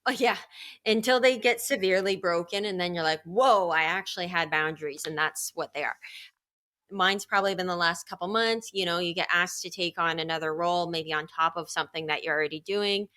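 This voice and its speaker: Bright-voiced woman chatting candidly. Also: lowish voice, a little fast. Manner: candid, rambling, laughs often. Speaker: podcast co-host. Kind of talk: casual chat.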